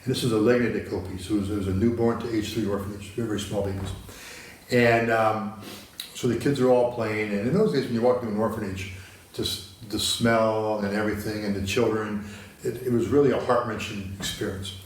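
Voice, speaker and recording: A man's voice: fairly low pitch, steady tone, a little fast, far from the mic. A man from the United States, a guest in a studio interview, telling stories casually with many restarts. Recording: very echoey, from the mic.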